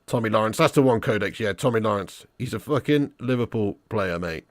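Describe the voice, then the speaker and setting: A man hosting a live football watch-along, excitable and sweary, reading out fan messages and calling listeners lad and mate. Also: lowish voice, fairly quick, dry recording.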